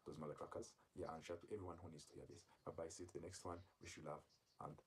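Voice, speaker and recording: A man's voice: extremely low pitch, steady tone, racing, slight background noise. A man hosting a reaction commentary channel, speaking to viewers with frequent filler sounds. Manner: filler-heavy, addressing viewers.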